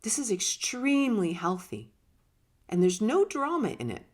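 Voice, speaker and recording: A woman's voice: mid-range voice, huge pitch swings, a little slow. A woman giving a conversational teaching talk on personal growth, emphatic and now and then laughing or acting out short quotes. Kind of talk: casual spoken teaching talk.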